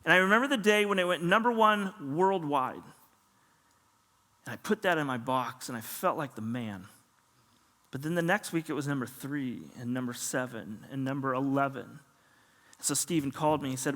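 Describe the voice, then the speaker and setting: A middle-aged male pastor tells a sermon story with a high, bright, forceful voice. He acts out the dialogue with lively energy, and his voice rings with long reverb through a large church hall. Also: normal speed.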